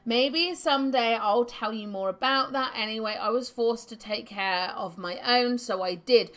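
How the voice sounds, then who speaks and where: A woman's voice: fairly high pitch, normal speed, a bit bright, pitched below the performer's own voice, natural voice. A woman voicing a boastful old male ex-thief in a grungy put-on accent, reminiscing in a video game.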